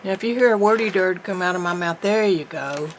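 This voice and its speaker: A woman's voice: fairly low pitch, fairly quick, slight background noise, low-quality recording. A woman, chatting folksily through a painting tutorial as she works. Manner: chatty, folksy, thinking aloud while painting. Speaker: painting teacher.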